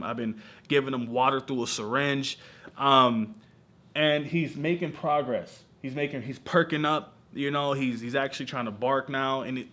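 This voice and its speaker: Bright-voiced young man vlogging, animated. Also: mid-range voice. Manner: animated, emotional storytelling with slang like bro and y'all. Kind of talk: casual vlog chat. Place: lives in Southern California.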